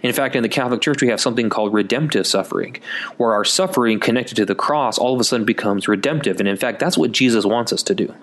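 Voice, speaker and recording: A man's voice: medium pitch, fast, a bit bright. A man giving a conversational Catholic Advent sermon in a folksy, chatty way, calling listeners folks. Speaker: Catholic preacher.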